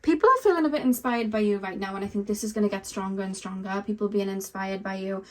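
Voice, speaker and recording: A woman's voice: medium pitch, fast. Woman, tarot reader, casual chatty delivery addressed to the viewer. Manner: chatty, frequent ums and likes, speaks straight to the viewer. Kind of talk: pick-a-card tarot reading, casual chat.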